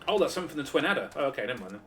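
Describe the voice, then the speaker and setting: A man's voice: medium pitch, very animated, racing, faint music behind. Joking man streaming a game. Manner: chatty, joking, swears for laughs. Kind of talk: casual gameplay commentary.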